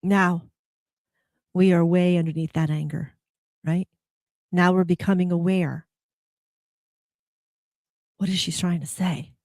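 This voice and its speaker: A woman's voice: fairly low pitch, steady tone, slow pace, pauses often, a little mellow, no echo, studio quality. A woman hosting a spiritual motivational talk, probing her listeners with rhetorical questions. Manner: acts out quoted complaints in a heated voice. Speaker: host.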